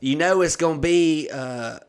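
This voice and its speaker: Acting out the characters in a long comic story, a young man hosts a podcast in a casual, profane, animated style. His voice is on the high side and clean in tone, moving a little slowly.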